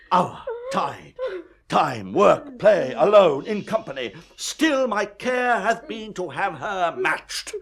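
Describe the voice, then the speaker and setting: Tyrannical older lord, shouting tirades, high and lively for radio drama. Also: male voice, heavily acted. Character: older male nobleman, hot-tempered domineering father. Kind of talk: 1970s radio drama acting.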